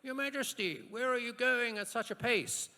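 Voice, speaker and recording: A man voicing a peasant man who calls out to a passing king in a high, loud voice. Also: normal speed, exaggerated voice. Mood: calling out. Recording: echoey lecture hall.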